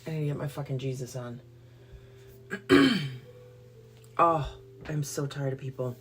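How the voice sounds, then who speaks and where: A woman's voice: a bass voice, lively intonation, measured pace, slight background noise. A woman, hosting a livestream and ranting bluntly and profanely before a Bible reading. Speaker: livestream host. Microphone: phone or computer livestream.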